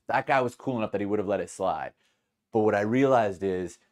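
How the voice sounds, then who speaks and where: A man hosting a podcast, telling a story casually, rambling with many fillers, restarts and laughs. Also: on the low side. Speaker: podcast host.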